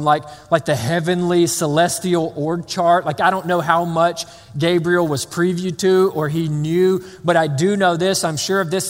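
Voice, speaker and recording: Male pastor, high voice, casual animated sermon delivery, big reverberant hall. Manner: conversational, animated, with many restarts and playful asides. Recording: long reverb of a large hall.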